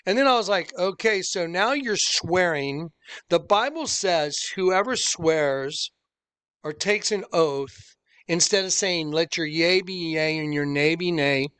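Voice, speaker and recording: Earnest man with a high, clear voice. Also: measured pace. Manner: animated storyteller who acts out the people he quotes; earnest and insistent. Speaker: online preacher and channel host. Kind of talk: recounting a personal story to viewers.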